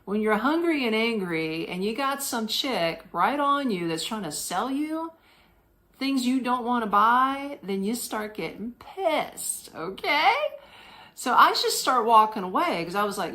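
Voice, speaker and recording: A woman tells a travel story in a casual, slangy way. Her pitch swings widely as she goes. She laughs often and mimics the people in her story. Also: very animated, a little slow, bright, forceful tone. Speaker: podcast host.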